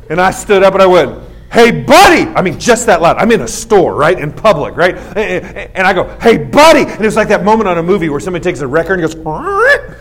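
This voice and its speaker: A man in his forties gives a storytelling sermon to young listeners. His voice sits a little high for a man, and he acts out each scene with comic self-mockery. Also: animated, fast talker. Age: 40s. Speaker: youth speaker.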